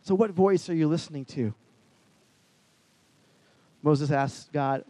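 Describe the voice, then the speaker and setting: A man with a high-pitched voice preaches with animated energy, dropping to near whispers and then bursting out loud. He speaks into a headset mic. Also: slow, pauses often, long reverb tail, poor audio. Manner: animated, swings from loud to hushed. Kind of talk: sermon.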